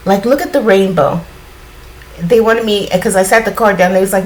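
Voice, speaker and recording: A woman giving a casual spiritual card reading in a groggy morning voice, often clearing her throat and rambling reassuringly with lots of fillers. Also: medium pitch, normal speed, slight background noise, low-quality recording. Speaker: tarot card reader.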